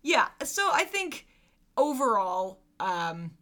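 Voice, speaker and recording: A woman's voice: on the high side, takes it slowly. Chatty woman co-hosting a movie podcast. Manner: chatty, animated, laughs often. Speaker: podcast co-host. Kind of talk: casual movie podcast chat.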